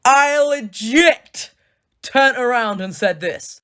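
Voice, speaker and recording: Woman with a lively, expressive voice. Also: high-pitched, slow pace. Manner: excitable and expressive. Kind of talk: casual storytelling to camera.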